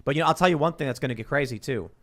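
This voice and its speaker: A man chatting on a podcast panel, telling stories in an animated way. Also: mid-range voice, rapid-fire. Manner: animated storytelling. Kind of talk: casual chat.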